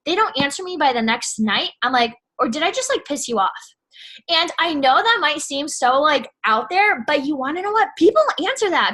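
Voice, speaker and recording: A woman's voice: high voice, very animated, a little fast, sharp tone. A young woman casually giving sales advice in a chatty vlog, full of "like" and "you know what I'm saying". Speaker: network marketing seller.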